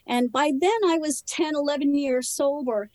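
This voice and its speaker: A woman telling her personal recovery story in conversation, candid and earnest, in short halting phrases. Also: high voice, a little mellow, no echo, low-quality recording. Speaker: interview guest.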